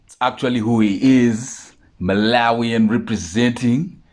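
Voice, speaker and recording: A man hosting an interview, asking his questions in a measured, inquisitive way. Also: medium pitch, darkish tone. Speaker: interview host.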